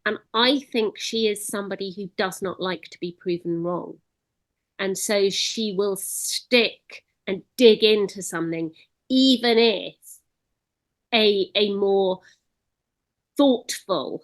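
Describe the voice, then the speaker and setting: A woman speaking as a guest in a casual interview, making her points with emphasis and energy. Her voice sits in an ordinary middle pitch for a woman, and she laughs now and then as she talks. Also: takes it slowly. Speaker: campaigner guest.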